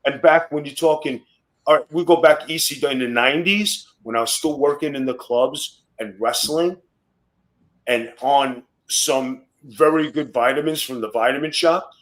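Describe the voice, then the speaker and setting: A middle-aged man, a guest on a podcast, telling wrestling stories in rough, swearing-heavy casual talk. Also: mid-range voice, moderate pace, low-quality recording. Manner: profane, boastful storytelling.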